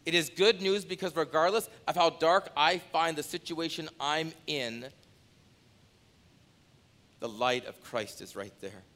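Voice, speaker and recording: A pastor delivering an impassioned sermon to his congregation, his delivery swinging from loud declarations to hushed appeals. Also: a little high, unhurried. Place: church sanctuary.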